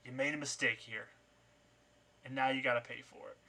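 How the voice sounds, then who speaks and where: A man doing a menacing street thug from a tabletop game, making threats and demands. The voice is bright and sharp, pitched a little above his own. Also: fairly even intonation, moderate pace, natural voice. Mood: threatening. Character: menacing male street thug leader with a dagger.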